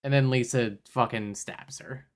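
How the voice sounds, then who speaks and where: A man co-hosting a movie podcast in casual chat. He recaps the plot wryly, jumping in and out of quick voices for the characters. His pitch sits in an ordinary middle range. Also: fairly even intonation. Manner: wry, acts out characters' lines in quick bursts. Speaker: podcast co-host.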